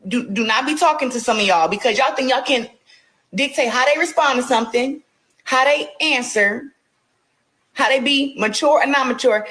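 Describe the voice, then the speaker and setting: A woman's voice: high voice, a bit bright, poor audio. A woman boxer ranting on a livestream, scolding and confrontational, repeating herself. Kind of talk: heated livestream rant.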